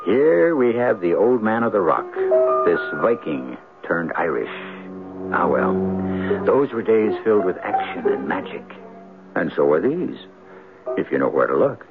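A man hosting and narrating a radio drama in a measured, theatrical manner. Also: low voice, sing-song. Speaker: host narrator. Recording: tinny old radio broadcast with music.

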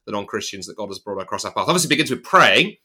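A man hosting an interview, asking thoughtful, halting questions with fillers. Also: lowish voice, very animated, pushed and bright. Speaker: podcast host.

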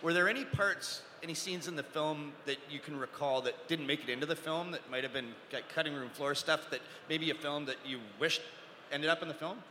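A man's voice: fairly high pitch, fairly quick, sharp tone. A man hosting a Q&A panel on a convention stage, enthusiastic and laughing as he asks his questions. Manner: enthusiastic, laughs while asking. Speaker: panel host. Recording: echoey hall with long reverb and faint noise.

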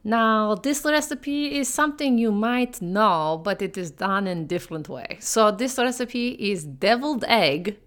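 A woman's voice: mid-range voice, a little slow, few pauses, a bit bright, lightly acted. A woman putting on an exaggerated fake Russian accent for a comedy bit, speaking in broken grammar with dropped articles. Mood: hammy. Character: woman hamming up a mock Russian cook.

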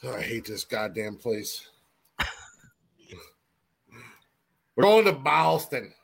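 A man's voice: medium pitch, very animated, a little slow, creaky. Swearing man reading funny headlines. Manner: reads headlines, swears, laughs. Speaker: podcast host reading news stories. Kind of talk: casual comedy chat.

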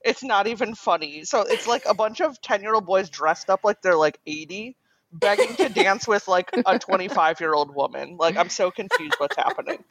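A woman's voice: medium pitch, animated, moderate pace, a bit bright, dry recording. A woman co-hosting a podcast, chatting casually and laughing easily. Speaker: podcast co-host. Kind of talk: casual chat.

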